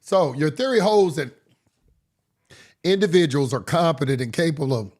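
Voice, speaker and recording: Hoarse, blunt man lecturing with a cold. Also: on the high side, lively intonation, normal speed, darkish tone. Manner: blunt, profane, preachy. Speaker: online course instructor. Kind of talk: casual livestream lecture.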